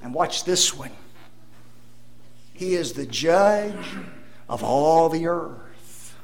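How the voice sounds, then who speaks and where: A male preacher delivers his sermon in a high, lively voice that leaps up and down as he leans on each word. He talks slowly, with dramatic swings from loud declarations to near-whispered asides, and he keeps drawing the congregation in with rhetorical tag questions. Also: gravelly. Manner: addresses the congregation as folks.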